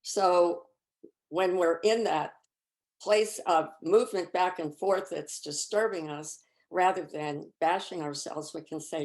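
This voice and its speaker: A woman presenting a reflective faith talk over a video call, measured and searching for words. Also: fairly low pitch, darkish tone. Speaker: retreat presenter.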